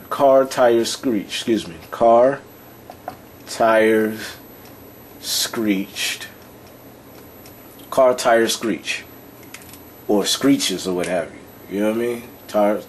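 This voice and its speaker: A man's voice: fairly low pitch, takes it slowly, a little mellow, slight background noise. A man teaching an informal lesson, talking loosely and repeating himself while often checking that the listener follows. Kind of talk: casual explanatory lesson.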